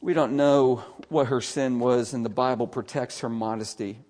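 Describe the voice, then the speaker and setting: A man preaching an earnest sermon as pastor, with emphatic stress and quiet asides. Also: mid-range voice, steady tone, moderate pace.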